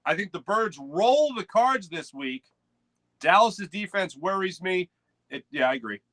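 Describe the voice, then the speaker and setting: A chatty male sports host with a bright, forceful, fairly high voice. He rambles loosely and greets viewers in the chat by name. The sound is dry and close, as from a home studio mic. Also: expressive, a little slow, no echo. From United States. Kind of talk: casual live morning sports show.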